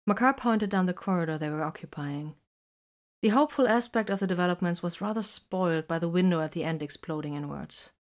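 Low-voiced woman narrating a story. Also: brisk. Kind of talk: scripted narration.

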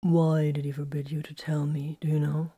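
A devoted soldier captain, gentle and apologetic, speaking barely above a breath, as a woman plays him in whispered role-play. The tone stays low and quiet. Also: flat delivery, moderate pace, husky. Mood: tender. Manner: tender, hushed, apologetic.

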